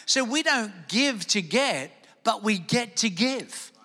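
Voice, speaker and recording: A man preaching a lively sermon to his church, calling on the congregation to shout back. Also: high voice, slow pace, in a large hall. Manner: energetic preaching, calls on the crowd to shout back. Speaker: pastor. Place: large church service.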